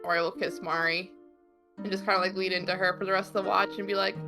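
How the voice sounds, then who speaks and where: A woman's voice: mid-range voice, little pitch movement, quick pace, music in the background. A woman playing a tabletop game in casual chat, hedging with fillers and laughing often. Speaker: player.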